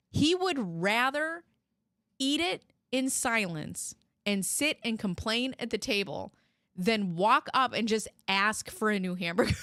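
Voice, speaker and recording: A woman hosting a casual chat show, telling animated stories, mimicking people in high, raised voices and swearing freely. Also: unhurried, no room sound, studio quality. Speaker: host.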